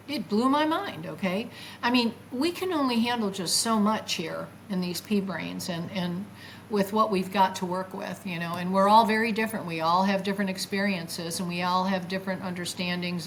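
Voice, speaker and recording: An older woman, a guest, tells her own story with feeling and acts out her past words in a lively voice. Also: mid-range voice, a little hiss or hum, rough recording. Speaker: guest recounting a near-death experience. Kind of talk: emotional first-person storytelling.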